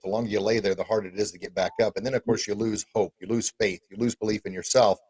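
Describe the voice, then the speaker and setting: Energetic man hosting a podcast. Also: lowish voice, husky, dry recording. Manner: energetic, encouraging, repeats words. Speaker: podcast host. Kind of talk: casual podcast interview.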